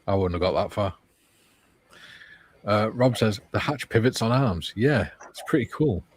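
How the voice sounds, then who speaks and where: A man's voice: lowish voice, animated, a little slow, breathy edge. A man hosting a casual livestream, reading viewer comments aloud and chatting. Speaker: livestream host reading chat.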